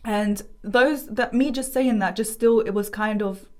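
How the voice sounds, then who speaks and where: Emotional young woman giving testimony. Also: fairly high pitch. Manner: emotional, halting, with restarts and nervous laughs. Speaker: guest sharing her family's story.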